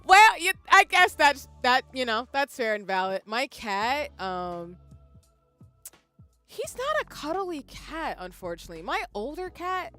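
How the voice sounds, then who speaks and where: A woman streamer in a loose, rambling chat with her viewers. Her voice is bright and fairly high, with pitch that swings around freely. She laughs often, and soft music plays behind her. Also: sing-song, unhurried. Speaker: live streamer. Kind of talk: casual live-stream chat.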